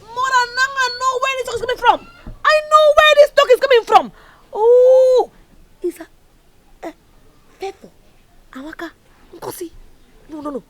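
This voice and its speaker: A defiant, shrill Nigerian village girl. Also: moderate pace, pauses often. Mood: indignant. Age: young adult. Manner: quarrelsome, defiant, mixes Pidgin. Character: headstrong, combative young village woman. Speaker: troublesome village daughter. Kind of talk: Nollywood film drama.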